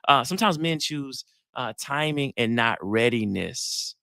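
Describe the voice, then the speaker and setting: Guy hosting a live dating talk, slangy storyteller, crisp dry audio. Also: mid-range voice, a little slow, no room sound. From Atlanta, US South. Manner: animated storyteller, acts out quotes, slangy. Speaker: psychologist hosting a live session.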